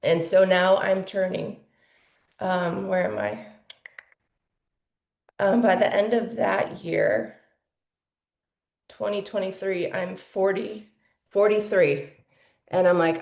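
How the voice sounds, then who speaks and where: A woman's voice: medium pitch, slow, vocal fry, pauses often, a little mellow, echoey room. A woman in her forties telling her personal story as a podcast guest, candid and emotional, with lots of "like" fillers. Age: 40s.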